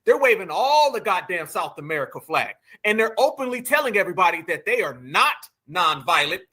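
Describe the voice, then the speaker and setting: High, bright, indignant male host. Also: fairly quick, breathy edge. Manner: mocking, indignant, animated, addresses viewers as family. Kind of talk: casual commentary on video clips.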